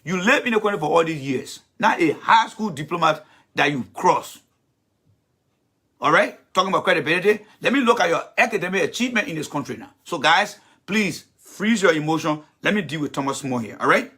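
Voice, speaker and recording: A man hosts a blunt, confrontational political rant, swearing freely. His voice is bright and a little husky, sitting somewhat high for a man. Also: lively intonation, a little fast. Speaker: political commentator host.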